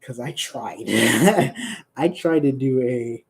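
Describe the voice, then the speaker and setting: A man's voice: mid-range voice, slow pace, gravelly. A young man casually chatting on a livestream about his comic characters, rambling, joking and laughing often. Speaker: comic creator streaming.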